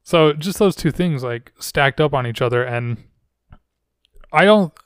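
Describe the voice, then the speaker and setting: A man talks through personal stories on his podcast in a rambling, self-reflective way, often circling back to restart a thought. His voice is smooth and resonant. It sounds dry and close on the microphone. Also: mid-range voice, expressive, measured pace, no room sound. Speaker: podcast host. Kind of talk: casual storytelling monologue.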